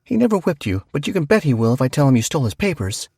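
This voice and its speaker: A man's voice: fairly high pitch, big pitch swings, very fast, creaky, a little mellow, husky, no echo, studio quality, pitched above the performer's own voice, full character voice. A man voicing a bossy big-sister girl. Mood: taunting. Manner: bossy, threatening.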